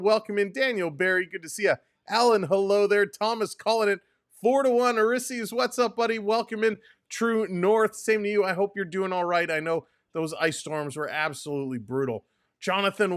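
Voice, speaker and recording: A man's voice: a little high, fairly bright tone, no echo, studio quality. A man hosting a live hockey watch-along stream, greeting chat viewers by name in an upbeat, casual way. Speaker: sports stream host.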